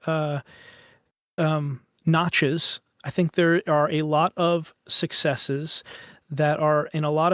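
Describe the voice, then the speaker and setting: Thoughtful higher-voiced male podcast host. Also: dry recording, clean studio sound. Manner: thoughtful, with many fillers. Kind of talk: casual podcast conversation.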